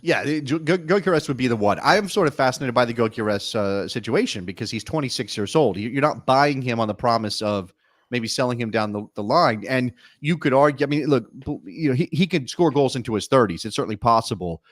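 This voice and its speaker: A man co-hosting a soccer talk show, talking in an animated, wry way with many quick restarts. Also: mid-range voice, no echo, clean studio sound. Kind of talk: casual sports talk.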